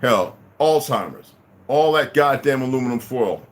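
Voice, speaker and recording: A man's voice: mid-range voice, lively intonation, normal speed. A man in his fifties delivering a heated, profane, unscripted monologue as a vlogger.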